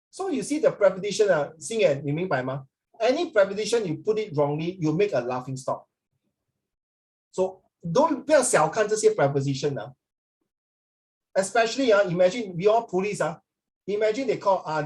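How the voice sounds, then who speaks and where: Rambling male teacher, slightly high voice. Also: expressive, a little fast, a little mellow. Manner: rambling, often checks in with students; mixes in Mandarin phrases. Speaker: English teacher. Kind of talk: classroom lecture.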